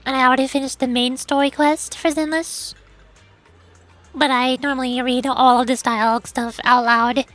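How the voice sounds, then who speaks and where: High-voiced, quiet, giggly woman streamer. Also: little pitch movement, moderate pace, faint music behind. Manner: quiet and soft-spoken, giggly. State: tired after hours of streaming. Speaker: streamer and voice actor. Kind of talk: casual gaming stream chat.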